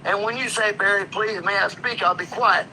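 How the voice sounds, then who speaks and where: A man's voice: high-pitched, fairly even intonation, moderate pace, sharp tone, low-quality recording. A man in an aggressive, profane, threatening rant, heard in a played clip with crowd noise behind. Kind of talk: angry rant.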